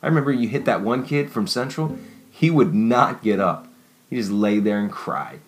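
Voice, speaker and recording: A man's voice: on the low side, lively intonation, normal speed, close to an everyday voice. A man voicing a friendly, talkative young male pharmacist who coaxes and reassures his friend.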